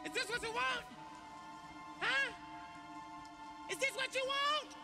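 Sped-up squeaky chipmunk voice from through a pitch filter, mocking asides over loud music. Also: male voice, takes it slowly, exaggerated voice. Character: squeaky sped-up cartoonish male voice.

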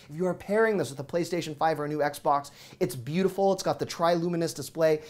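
A man in his thirties hosting a deals show, rattling off prices in an excited, auctioneer-like patter while he sweats. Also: fairly high pitch. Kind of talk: fast product deal rundown.

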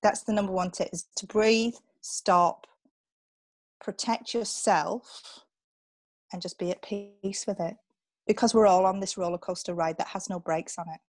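A woman's voice: medium pitch, unhurried, no echo. A woman, a relocation coach, giving upbeat advice in a casual interview. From England. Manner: upbeat, animated, coaching asides.

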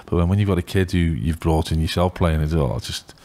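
A middle-aged man with a thick Liverpool accent spills out stories in an excitable, rambling rush. His voice sits very low and his words tumble out quickly, as he chats casually on a podcast. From England. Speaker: youth football scout.

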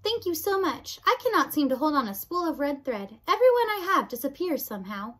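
A woman reading aloud voices a kind, polite twelve-year-old princess who patiently repeats herself louder. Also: sits high, very animated, a little fast, voice pushed up. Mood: gentle chatty.

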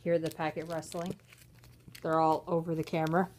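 A woman narrating her pets at home while filming on a handheld phone, chatty and giggly, slipping into squeaky voices for the animals. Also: flat delivery, normal speed, background noise. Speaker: pet vlogger. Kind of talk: casual off-camera narration of pets. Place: indoors at home. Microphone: handheld phone camera.

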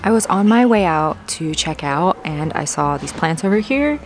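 A woman plant vlogger chatting casually as she browses a big box store garden center, easily excited. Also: fairly low pitch, normal speed, vocal fry, slight background noise. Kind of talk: casual walk-through narration.

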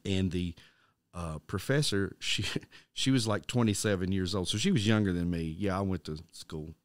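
A middle-aged man co-hosting a casual Christian podcast, telling a story with halting restarts and acting out the voices of the people in it. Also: low-pitched, no echo, clean studio sound. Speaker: podcast co-host.

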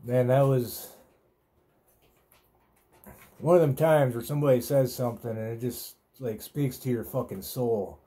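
Man, podcast host, very dark mellow voice, rambling, profane, laid-back storytelling. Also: medium pitch, moderate pace. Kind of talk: casual storytelling monologue.

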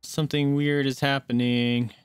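A man streaming a game live, chatting casually with viewers and reacting out loud. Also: mid-range voice, flat delivery, normal speed, clean tone, dry recording, studio quality, soft background music. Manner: chatty, greets chat, squeals when startled.

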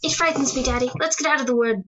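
A woman's voice: high voice, fast talker, noisy background, close to an everyday voice. A woman voicing a playful, affectionate teenage daughter in a radio drama, teasing and bubbly. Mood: frightened. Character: playful, adoring teenage daughter putting her hair up.

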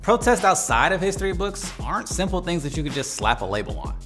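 A man's voice: high-pitched, very animated, fast talker. A man hosting an educational explainer video in a playful, conversational way. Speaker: host. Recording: faint music behind.

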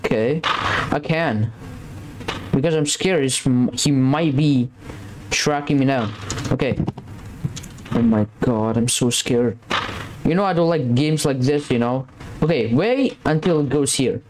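A man provides gameplay commentary for a horror game in a mid-range voice, talking a little slowly. Nervous and frightened, he rambles and says things over again, and the recording has background noise.

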